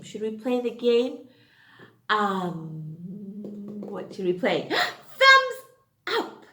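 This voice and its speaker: A woman's voice: fairly high pitch, a bit bright. A woman teaching a phonics lesson to young children, sing-song and exaggerated, drawing out her sounds. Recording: echoey room.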